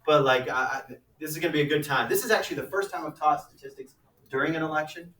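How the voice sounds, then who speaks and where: A man teaching a high school math class, lecturing conversationally and often checking in with "right?" and "okay?". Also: quick pace, bright, forceful tone, distant mic. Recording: echoey classroom, mic from afar.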